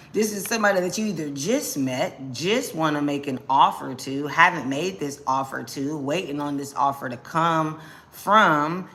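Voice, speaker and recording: A young adult woman giving a casual live-stream tarot reading, slangy and quick to exclaim. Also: low voice, slight background noise. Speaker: tarot reader.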